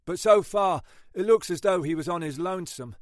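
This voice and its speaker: Man voicing a skeptical cop colleague, higher voice, offhand, shrugging everything off. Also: normal speed, dry recording, studio quality, lightly acted. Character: doubtful, plain-spoken male police colleague.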